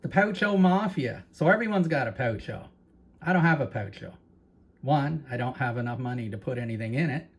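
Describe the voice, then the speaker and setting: A Canadian man chats to his viewers in a loose, rambling way, circling back and repeating himself as he goes. His voice sits at an ordinary middle pitch, and his accent stays plain in every line. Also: expressive, fairly quick, breathy edge. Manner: chatty, rambling, repeats words and asides to viewers. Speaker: channel host. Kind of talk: casual talk to camera.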